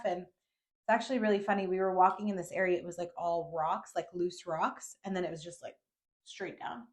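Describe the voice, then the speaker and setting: A young woman hosts a podcast in a relaxed, casual way. She is chatty, swears now and then, and laughs easily as she tells her own story. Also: fairly low pitch, fairly quick. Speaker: podcast host. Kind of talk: casual chat.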